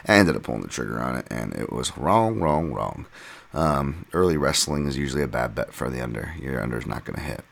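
A man's voice: extremely low pitch, creaky, fairly bright tone. A man hosting a podcast on his own, rambling through a casual breakdown with self-deprecating asides. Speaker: podcast host and fight analyst.

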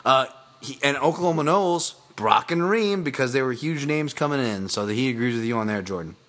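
A male podcast host talks in loose sports chat at a middling pitch. He rambles and restarts, swears freely and gets excited about the fights. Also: brisk.

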